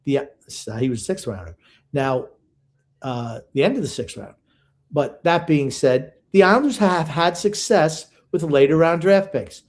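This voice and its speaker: Older man, grumpy sports podcast co-host, fairly high voice, blunt and teasing. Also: animated, unhurried. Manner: gruff, opinionated, ribbing. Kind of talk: casual sports podcast chat.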